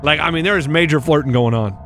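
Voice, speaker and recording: A man's voice: on the high side, fast, a bit bright, faint music behind. A man co-hosting a podcast, chatting casually about sports and reading listener messages aloud. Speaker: podcast co-host.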